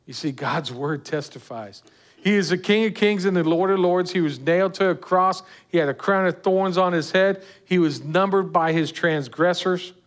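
Earnest preacher, higher voice. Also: male voice, normal speed. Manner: earnest, rising and falling with emphasis, asking the listeners direct questions. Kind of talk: sermon.

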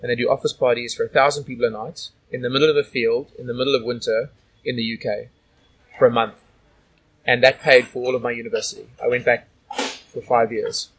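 A man's voice: mid-range voice, flat delivery, fairly quick, a bit bright, husky, poor audio. A man from Australia telling stories as a guest in a casual interview, rambling with lots of "like" and "you know".

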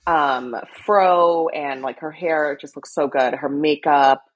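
Low husky young woman, excitable. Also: slow, muffled recording. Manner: animated, excitable, squeals on names. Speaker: co-host. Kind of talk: casual fashion chat.

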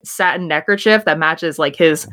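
A woman's voice: deep voice, normal speed, fairly bright tone. A woman narrating as game master in a tabletop game, rambling and self-deprecating as she describes scenes.

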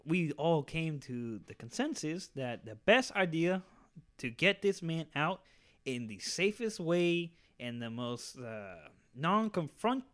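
Give me a lively young man telling a story to friends, cursing freely and doing everyone's voices. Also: on the high side, slow pace. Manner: animated, profane, acts out quoted voices. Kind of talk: casual storytelling.

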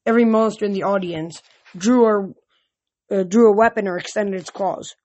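A woman reading a novel aloud, often tripping over words and restarting, with louder shouted lines. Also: mid-range voice, normal speed. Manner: reads aloud with frequent slips and restarts. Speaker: reader. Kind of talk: amateur audiobook reading.

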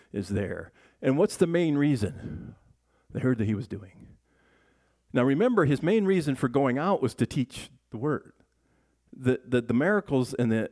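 A man of medium pitch and darkish tone preaches in church. The pastor's sermon is chatty and conversational: he goes over the text with the congregation, poses questions to them, and often starts his sentences over.

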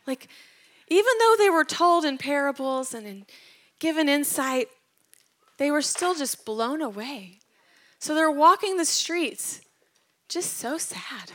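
A woman's voice: high voice, lively intonation, slow, pauses often, fairly bright tone. A woman retelling Bible stories in a casual devotional talk. She tells them with animation and drops to a whisper at tender moments. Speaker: Bible teacher.

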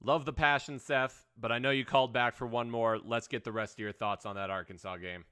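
A man hosting a sports talk show, breaking down a game in a measured, analytical way. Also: mid-range voice, steady tone, bright, forceful tone, clean tone.

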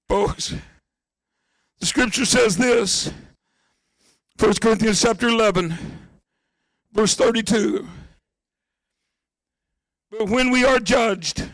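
A man preaching a sermon to his congregation, speaking to them directly, slowing on key phrases and building to shouts. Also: high-pitched, no echo, studio quality. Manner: impassioned preaching that swells into shouts. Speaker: pastor.

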